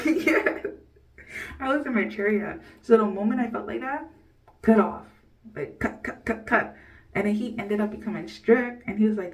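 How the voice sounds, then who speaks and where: A woman's voice: mid-range voice, recorded from a distance, rough recording. A woman in her early twenties telling a personal story to camera in a rambling, blunt way, swearing freely and laughing often. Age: early 20s. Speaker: vlogger.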